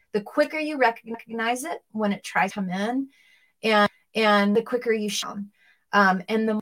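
A woman's voice: medium pitch, a bit bright. A woman co-hosting a Christian talk show, chatting in a conversational way and leading prayer.

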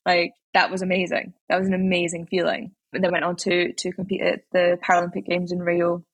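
A young Scottish woman talks at a fast clip in a casual interview, her voice a touch low and husky. She tells her stories with chatty, animated energy and plenty of fillers. The recording is dry and close. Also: dry recording. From Scotland. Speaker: interviewee, athlete.

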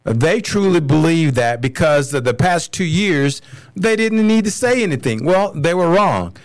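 A fired-up American man with a fairly high voice rants on his podcast, blunt and cursing, hammering the same words over and over. The sound is dry and close, with no room around it. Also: lively intonation, measured pace, no room sound. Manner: angry, blunt, swearing, repeats himself. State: furious. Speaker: podcast host. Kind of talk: solo political podcast rant.

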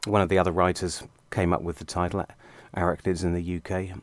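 A man's voice: low voice, little pitch movement, brisk, no echo. A man in a casual panel chat, wry and pedantic. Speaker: podcast panelist.

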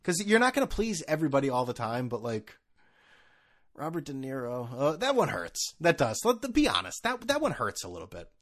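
Profane, lively New podcast ranter. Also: male voice, medium pitch, a little fast. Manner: sarcastic, profane, laughs at his own jokes; stammering restarts. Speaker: podcast host. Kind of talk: casual ranting monologue.

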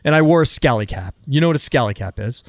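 A man's voice: medium pitch, lively intonation, fast, dry recording, studio quality. A young man co-hosting a casual podcast, telling stories animatedly, laughing and swearing. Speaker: podcast co-host and editor.

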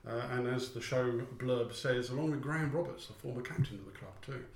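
A man's voice: medium pitch, fairly quick, vocal fry. A man co-hosting a local podcast, chatting in a digressive way with dry humour. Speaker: podcast co-host. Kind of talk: casual chat. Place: office or shared workspace. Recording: roomy echoey room.

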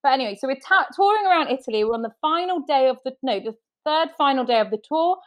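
A woman in her thirties, a podcast host, telling a story in a lively, laughing way. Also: sits high, fast talker. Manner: animated, laughs often, acts out quotes. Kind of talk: casual storytelling chat.

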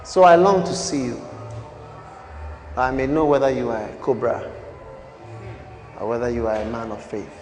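A man preaching a sermon, swinging from loud declarations to hushed asides and pressing the congregation with questions. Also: medium pitch, steady tone, normal speed, long pauses, soft background music. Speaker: pastor. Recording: echoey church hall.

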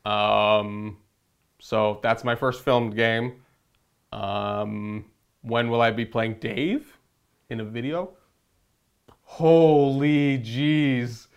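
A man's voice: fairly low pitch, takes it slowly, long pauses, fairly bright tone, clean tone, lo-fi sound. A young man co-hosting a casual hobby chat, talking in a rambling, jokey way with frequent restarts. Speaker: co-host.

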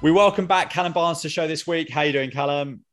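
A man's voice: fairly high pitch, fast talker, soft background music. A man hosting a casual review chat over an online call, with dry, sarcastic humor. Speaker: podcast host.

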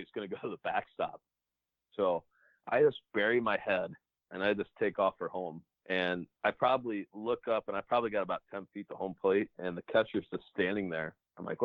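Low-voiced man on a phone-like line. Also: no room sound. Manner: animated anecdotes, acts out dialogue. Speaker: professional baseball player. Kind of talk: casual storytelling interview.

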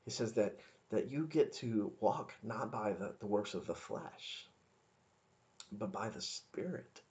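A man's voice: fairly low pitch, lively intonation, takes it slowly, a little mellow. A man giving an informal devotional talk, earnest and conversational, often stopping and restarting his sentences. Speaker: podcast devotional speaker.

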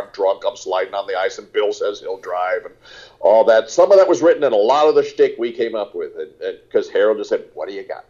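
Older male actor, low and dark, rambling anecdotes, muffled recording. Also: slightly rough. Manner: rambling, animated storytelling with lots of "uh". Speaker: actor guest. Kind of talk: casual interview chat.

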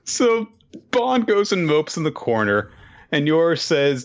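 A man co-hosting a casual chat, laughing often and acting out characters in high voices. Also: sing-song, slow, lo-fi sound. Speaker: podcast co-host. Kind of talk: casual chat recapping manga.

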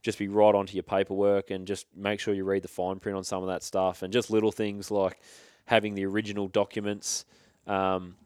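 Laid-back Australian man, deep flat voice. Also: a little fast, clean tone, no room sound, clean studio sound. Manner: laid-back, rambling, frequent restarts and slang. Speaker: hunting guest. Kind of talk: casual storytelling chat.

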